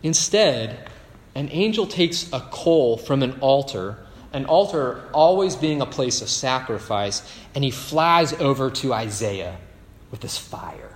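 A man's voice: mid-range voice, lively intonation, a little slow. A male pastor preaching a sermon, telling stories and tossing in rhetorical asides. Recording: echoey hall with faint ambience.

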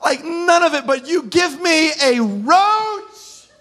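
A man pastor, telling funny stories in a sermon to his congregation, animated and self-mocking, breaking into shouts as he acts out scenes. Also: very high voice, takes it slowly. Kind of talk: humorous sermon storytelling. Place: church auditorium with live congregation.

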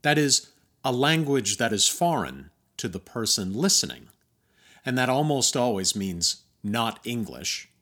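An American man hosting a podcast, reading scripted narration in a measured, wry, emphatic way. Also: medium pitch, big pitch swings, fairly bright tone. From United States. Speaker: podcast host.

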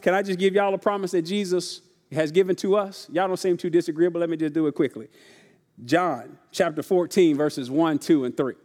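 Male pastor, high-pitched voice, folksy call-and-response preaching, long church-hall reverb. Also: darkish tone. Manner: call-and-response preaching, often asks the congregation if they are ready; casual, folksy delivery with repeated phrases. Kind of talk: sermon. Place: church sanctuary.

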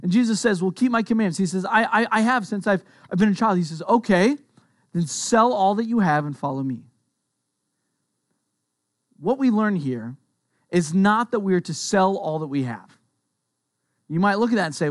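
A man with a high voice preaching a sermon in a chatty way. He repeats phrases for emphasis. The sound is dry and close. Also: lively intonation, normal speed, pauses often, no room sound. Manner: conversational preaching with laughs and repetitions. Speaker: pastor.

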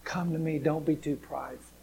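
A pastor with a slightly high voice preaches in a dramatic, earnest way. He drops to near hushed tones, then rises to loud, excited bursts, and speaks straight to his listeners. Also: brisk, vocal fry, a little hiss or hum. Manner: earnest and direct, addressing listeners. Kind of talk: sermon.

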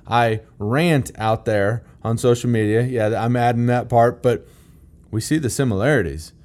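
A man's voice: medium pitch, moderate pace, a little mellow. A man teaching through a Bible passage in a conversational, plain-spoken way. He is emphatic and repeats key phrases to drive them home.

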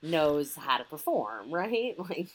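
A woman with a strikingly low voice talks casually on a podcast. She is chatty and laughs easily, often breaking into quick impressions of lines from a film. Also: very animated. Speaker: podcast co-host. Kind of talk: casual film-review chat.

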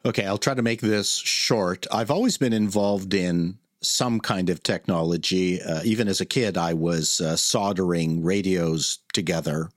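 A man's voice: deep voice, normal speed, few pauses, dry recording, clean studio sound. A man, a comedian telling stories as a podcast guest in a jokey, self-deprecating way. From Canada. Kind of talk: podcast interview.

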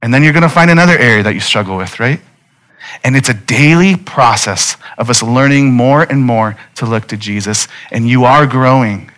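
A pastor in his thirties preaches a sermon with a mid-pitched, fairly bright voice at a moderate pace. He is earnest and conversational, often turning to his listeners with direct appeals.

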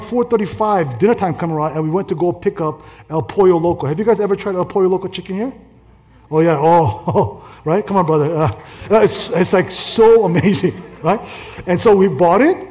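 A male pastor preaching a conversational sermon, telling stories in an animated way and laughing through them. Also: a little high. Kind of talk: storytelling sermon.

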